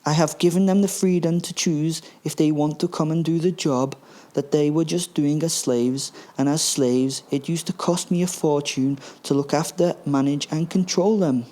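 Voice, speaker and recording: A man's voice: fairly high pitch, fairly even intonation, normal speed, dark tone, voice pushed up, natural voice. A man voicing Hans, a smug, scheming tycoon man who explains his plan.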